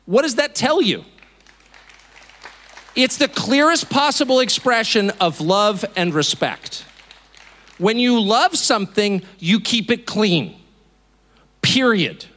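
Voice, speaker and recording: Man, 50s, high voice, very lively pitch, indignant mocking speech, live audience. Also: slow pace, long pauses. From California. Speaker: speaker. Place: auditorium.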